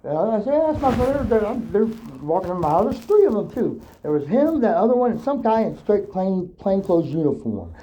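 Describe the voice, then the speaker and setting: A man's voice: high-pitched, sing-song. A man telling a rambling personal story, swearing often and stopping to restart his sentences. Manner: profane, halting, full of fillers and restarts. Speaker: storyteller recounting his own ordeal. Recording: dull lo-fi recording with faint hiss.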